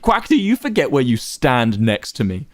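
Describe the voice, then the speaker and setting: A man's voice: mid-range voice, big pitch swings, normal speed, no echo, clean studio sound, close to an everyday voice. A man voicing a proud, volatile young man who stammers when unsure and snaps when insulted. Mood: angry. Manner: stammering, pleading then enraged.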